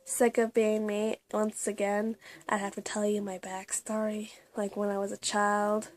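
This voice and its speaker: A young woman vlogging about her personal journal in a confessional, halting way, with many fillers and restarts. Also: mid-range voice, little pitch movement. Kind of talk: casual personal vlog.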